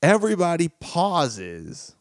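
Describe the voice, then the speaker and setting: A man's voice: on the high side, huge pitch swings, takes it slowly, dry recording, studio quality. A man hosting a podcast as a relationship coach, telling stories in a loose, conversational way and briefly acting out the people in them. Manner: conversational storytelling, acts out quoted voices. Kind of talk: solo podcast monologue.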